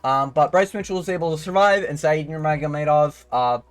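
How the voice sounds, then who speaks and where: Rambling man, slangy, a bit high. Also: a little fast, clear, resonant tone, soft background music. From Canada. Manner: rambling, profane, slangy, keeps tagging "okay?". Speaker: MMA fight analyst. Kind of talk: casual fight breakdown commentary.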